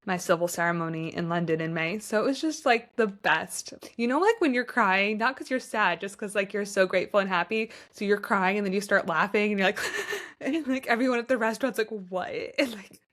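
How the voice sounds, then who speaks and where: A woman's voice: medium pitch, a little fast, few pauses, fairly bright tone. Gushing American woman podcast host. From United States. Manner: gushing, heartfelt, chatty with many "like" fillers. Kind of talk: casual chat.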